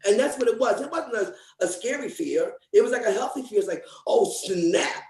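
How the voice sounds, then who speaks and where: A woman co-hosting an online book discussion over a video call, talking in a teasing, emphatic, drawn-out way. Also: fairly high pitch, lively intonation, mellow, echoey room, rough recording. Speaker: book club co-host.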